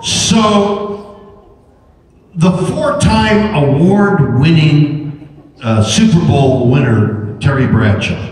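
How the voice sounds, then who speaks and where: An older man tells a rambling, jokey anecdote to a convention audience, stumbling over restarts. His pitch swoops widely as he builds up to the punchlines. The sound is distant and booming, as if caught from the back of a large hall. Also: extremely slow, pauses often. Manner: animated, repetitive restarts, jokey. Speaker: convention panel guest. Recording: echoey hall recorded from far back.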